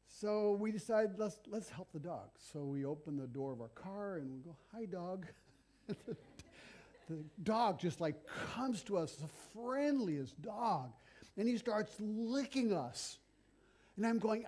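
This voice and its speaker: A middle-aged man preaching a sermon, telling stories in an animated, conversational way. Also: high-pitched, slow.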